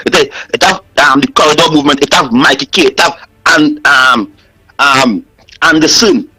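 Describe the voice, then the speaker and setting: A man's voice: sits high, bright, forceful tone, husky, dry recording, poor audio. A man calling in to a radio talk show, speaking with passion and firing off rhetorical questions. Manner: impassioned, repetitive rhetorical questions. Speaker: caller. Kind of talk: call-in radio rant.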